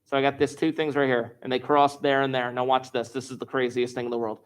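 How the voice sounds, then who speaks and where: A middle-aged male math teacher recording a lesson, talking students through each step in a playful, animated way. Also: medium pitch, quick pace, clean tone.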